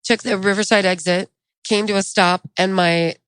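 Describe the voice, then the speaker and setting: A woman co-host in a mid-range voice tells a story with lively, animated delivery. The sound is dry and close, with no room sound around it. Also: mid-range voice, normal speed, clean tone, no room sound. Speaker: podcast co-host. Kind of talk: casual chat.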